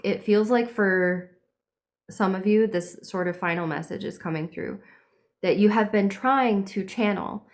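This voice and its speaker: A young woman giving a casual spiritual reading, meandering and dreamy, with lots of fillers. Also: medium pitch. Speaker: tarot and horoscope reader.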